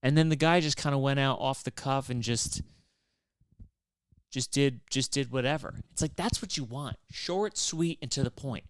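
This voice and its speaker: A man's voice: medium pitch, normal speed, clean tone, no echo, studio quality. A man hosting a podcast, rambling in a loose, wry and profane way, with lots of fillers and restarts. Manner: wry and exasperated. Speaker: podcast host. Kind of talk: casual rambling monologue.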